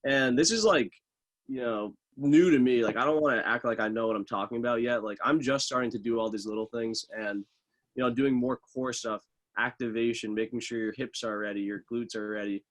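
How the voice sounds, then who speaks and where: In a loose, easygoing interview, a young man who runs middle distance professionally speaks as a guest in a brisk, mid-range voice. His talk is scattered with fillers such as "uh" and "like."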